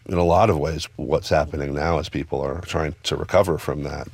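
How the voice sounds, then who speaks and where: A man who owns bars, talking in an interview in a thoughtful, measured, explanatory way. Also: very deep voice, steady tone, gravelly, breathy edge, dry recording. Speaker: bar owner and spirits author. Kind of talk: reflective interview talk. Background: music.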